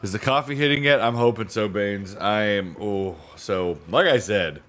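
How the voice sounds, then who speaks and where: A tired man who reads books aloud on livestream chats casually with viewers from home, with family nearby, after a sleepless night. His voice is on the low side and a bit bright, at normal speed, and he rambles and repeats himself. Faint music plays behind him.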